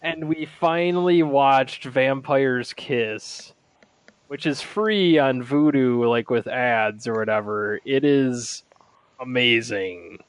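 A man's voice: mid-range voice, slow pace, no room sound. A man chatting casually as a podcast co-host, rambling with lots of fillers and laughing as he tells stories. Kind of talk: casual chat.

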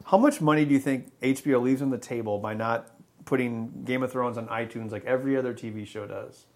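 A man's voice: medium pitch, brisk. A man in his thirties co-hosting a podcast, joking and opinionated in casual chat, often restarting his sentences. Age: 30s. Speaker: podcast co-host.

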